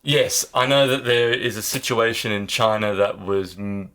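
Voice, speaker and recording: A man's voice: on the low side, normal speed, fairly bright tone. A man co-hosting a casual chat, chipping in short replies and jokes, then explaining his views at length. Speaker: podcast co-host. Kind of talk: casual conversation.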